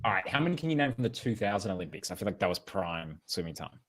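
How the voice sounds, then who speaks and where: A man's voice: deep voice, sing-song, fast talker, fairly bright tone. A man with an Australian accent co-hosting a podcast in casual chat, joking and rambling and often laughing. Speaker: podcast co-host.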